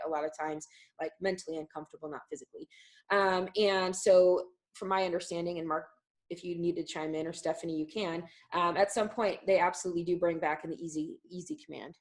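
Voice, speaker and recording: A woman's voice: lowish voice, steady tone, brisk, rough recording. A woman dog trainer explaining a method in a live online class, talking loosely with many fillers.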